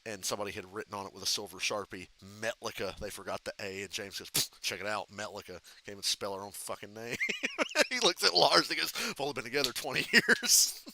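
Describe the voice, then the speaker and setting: Bright-toned guy doing a live race reaction, swears a lot, cracks himself up. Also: fairly low pitch, fairly quick, slight background noise, rough recording. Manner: profane, rambling, laughs often at his own stories. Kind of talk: casual live reaction commentary.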